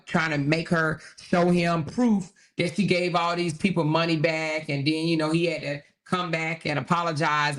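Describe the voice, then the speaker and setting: A man's voice: fairly high pitch, a bit bright. A man hosting a casual commentary show, chatty and given to laughing and exclaiming to his viewers.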